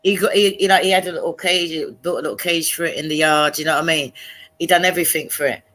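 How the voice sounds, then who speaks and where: A woman's voice: sits low, fast talker. A woman telling a story in casual chat on a live stream, acting out the voices of the people she quotes. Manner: animated, acts out quoted voices.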